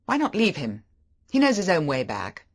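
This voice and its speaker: A reader voicing an irritable man who calls out loudly and speaks sharply in an audiobook. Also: mid-range voice, wildly swooping pitch, normal speed, voice pushed up. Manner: loud, sharp calling. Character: irritable man shouting for his dog. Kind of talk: audiobook character voice.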